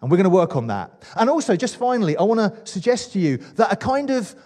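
A man's voice: high-pitched, big pitch swings, quick pace, a little mellow, big-room sound. A man preaching a sermon with enthusiasm, asking the congregation questions. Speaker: pastor.

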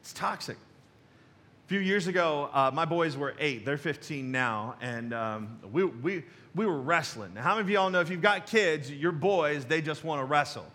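A man's voice: fairly high pitch, lively intonation, moderate pace, bright, forceful tone. A man in his forties preaching a sermon as pastor, telling folksy stories with chuckles and asides to the congregation. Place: church sanctuary.

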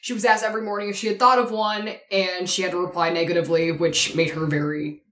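A woman's voice: fairly low pitch, fairly even intonation, fast talker, fairly bright tone. A woman co-hosting a podcast, telling a history story in a loose, casual way, swearing often and laughing easily. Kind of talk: casual chat. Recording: echoey room.

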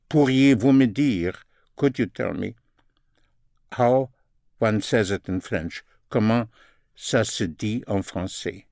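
A man teaching a recorded language lesson, slowly repeating each phrase and its translation. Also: lowish voice, a little mellow, dry recording, clean studio sound. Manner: slow, deliberate, repeats phrases in two languages.

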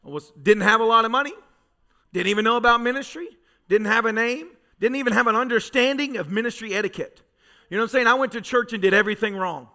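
High, bright-voiced fervent preacher man. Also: fast. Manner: fervent, storytelling preacher who swings from soft to shouting. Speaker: pastor. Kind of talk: sermon. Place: church sanctuary.

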